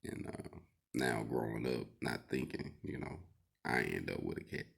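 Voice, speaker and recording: A man's voice: very deep voice, moderate pace, creaky, breathy edge. A man who teaches welding, telling a story in a laid-back, rambling way with lots of fillers. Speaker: welding instructor. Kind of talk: casual vlog storytelling.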